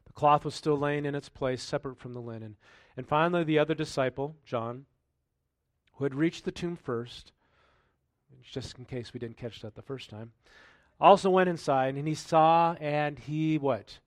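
A pastor preaches a sermon in a dry room, his voice on the high side and his speed normal, with no echo. He reads scripture and then comments on it conversationally, using rhetorical questions.

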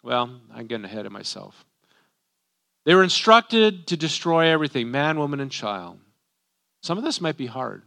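A man's voice: medium pitch, very animated, moderate pace, vocal fry, pauses often, pushed and bright. A man, a pastor, preaching a sermon in a conversational way, often tagging rhetorical questions.

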